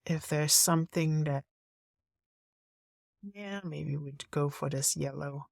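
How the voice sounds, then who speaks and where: A woman narrating a screen-recorded design tutorial, thinking aloud in a relaxed way as she works. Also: low-pitched, slow pace, vocal fry, no echo, studio quality.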